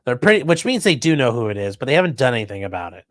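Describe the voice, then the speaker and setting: A man's voice: medium pitch, racing, dry recording. A man hosting a podcast, commenting sarcastically and profanely on news clips. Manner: sarcastic, profane, animated mockery. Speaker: podcast host.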